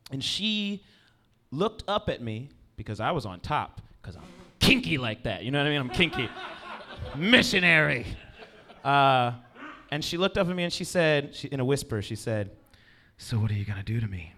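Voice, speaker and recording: A man's voice: on the high side, very animated, normal speed, bright, forceful tone. A male comedian doing a stand-up set on stage, rambling and self-deprecating and often checking in with the crowd. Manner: rambling, self-deprecating, keeps asking "you know what I mean". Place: stage before a live audience.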